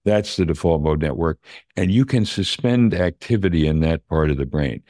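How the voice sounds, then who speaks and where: An older man, a neuroscience professor, calmly explaining brain science in plain terms during a conversation. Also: low-pitched, moderate pace, no echo, clean studio sound.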